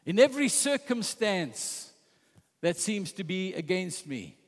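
Impassioned preacher, high voice, echoing hall. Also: male voice, very animated, unhurried. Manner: impassioned, retelling scripture with quoted voices. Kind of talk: sermon.

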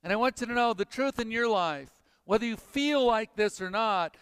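Male pastor, high clear voice, emphatic preaching that sinks to a hush; church with long reverb. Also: lively intonation, moderate pace, clean studio sound. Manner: emphatic, dropping to hushed intensity. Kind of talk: sermon.

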